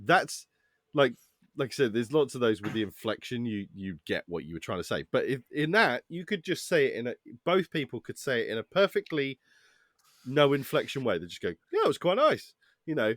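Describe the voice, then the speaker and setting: A man's voice: mid-range voice, sing-song, a little fast, a bit bright, no echo. A man on a podcast in casual chat, acting out quotes animatedly, swearing and laughing. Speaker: podcast guest.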